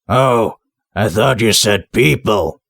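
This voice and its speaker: A man doing a surly, gruff armory clerk. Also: fairly low pitch, lively intonation, takes it slowly, a bit bright, no room sound, studio quality, exaggerated voice. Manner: gruff, sullen.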